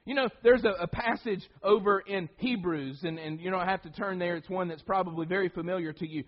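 A man's voice: sits high, a little fast, lo-fi sound. A man preaching a sermon, emphatic, often repeating words and restarting phrases.

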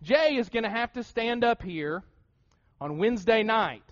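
A man's voice: sits high, expressive, unhurried, dull audio. A man in his thirties with an Appalachian American accent, preaching a sermon with lots of rhetorical questions and restarts into a pulpit mic in a church. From Southern United States. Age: 30s. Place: church sanctuary. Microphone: shared pulpit mouthpiece mic.

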